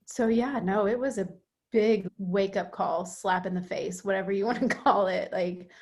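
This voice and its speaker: A woman's voice: medium pitch, moderate pace. Chatty woman telling a self-deprecating story. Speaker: podcast guest. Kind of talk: casual podcast chat.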